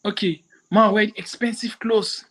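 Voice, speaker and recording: A man, a comedian chatting in an interview, animated and quick to slip into French. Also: high voice. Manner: animated, switches into French and mimicry. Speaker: comedian guest. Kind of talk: casual interview chat.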